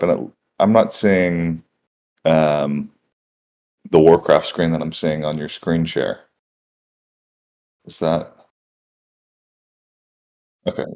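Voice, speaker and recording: A hoarse man with a sore throat, chatting casually and joking at his own expense as a game tournament caster. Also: deep voice, dark tone. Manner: joking, self-mocking, chatty. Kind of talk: casual stream commentary chat.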